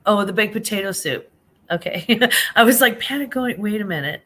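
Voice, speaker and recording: A woman's voice: medium pitch, animated, a little fast, a bit bright. A half-awake woman hosting a casual late-night live stream on her phone, chatting and reading viewer comments aloud, calling people honey.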